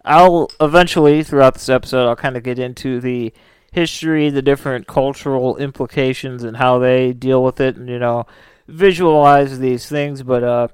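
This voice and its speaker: A man's voice: mid-range voice, fairly even intonation, moderate pace, smooth, no echo. A man hosting a casual podcast, rambling and joking with lots of fillers. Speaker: podcast host.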